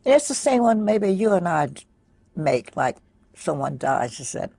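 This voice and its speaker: An older woman quietly recounting a personal memory in a soft, halting way with many pauses. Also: fairly low pitch, very animated, creaky, slightly rough, no echo. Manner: soft-spoken, pausing, many fillers. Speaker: interviewee. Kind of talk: personal recollection.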